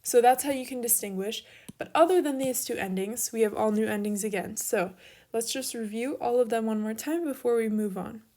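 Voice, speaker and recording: A woman's voice: on the high side, brisk, mellow. Patient young woman teaching grammar. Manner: patient, step-by-step explaining while writing. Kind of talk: recorded online grammar lesson.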